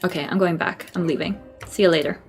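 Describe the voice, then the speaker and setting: A woman's voice: on the low side, steady tone, quick pace, gravelly, faint music behind. A woman streaming a game, chatting casually, swearing and laughing at herself. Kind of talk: casual gameplay commentary.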